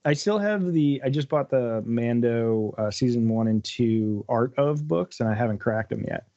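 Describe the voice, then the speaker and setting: A man's voice: mid-range voice, lively intonation, moderate pace, mellow, no room sound, lo-fi sound. A man co-hosting a fan podcast in easygoing casual chat. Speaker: podcast co-host.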